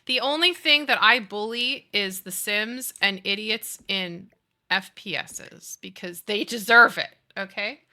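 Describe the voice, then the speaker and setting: A woman in her thirties chatting casually with her live stream audience, telling stories with lots of laughter and excitable energy. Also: mid-range voice, measured pace. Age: 30s. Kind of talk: casual chat while playing a game.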